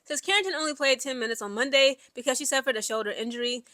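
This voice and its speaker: Bright-voiced chatty young woman vlogger. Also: high-pitched, fast, dry recording. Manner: chatty, animated, many "like" and "you know" fillers. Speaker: sports commentary vlogger. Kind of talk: casual commentary, reading an article aloud.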